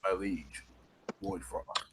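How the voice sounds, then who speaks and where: Huge humble troll knight, played by a man, low, hushed, formal. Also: fairly even intonation, takes it slowly, background noise. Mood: respectful.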